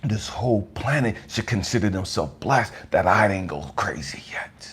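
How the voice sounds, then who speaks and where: A man giving an impassioned, profane motivational monologue, swinging between hushed whispers and raised outbursts. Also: lowish voice, lively intonation, moderate pace, husky. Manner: profane, blunt street talk. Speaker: motivational speaker.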